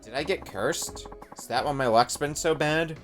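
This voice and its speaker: A man's voice: on the high side, normal speed, a bit bright, soft background music, voice pushed up, close to an everyday voice. A man voicing a fretful, clingy young woman. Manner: fretful, pleading, dramatic.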